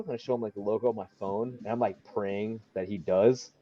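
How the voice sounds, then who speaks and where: A man's voice: lowish voice, steady tone, fairly quick. A young man, a wrestler, telling a story in casual chat, rambling with lots of fillers and acting out what people said. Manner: rambling, many fillers, acts out quotes. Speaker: wrestler guest. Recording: dull lo-fi sound.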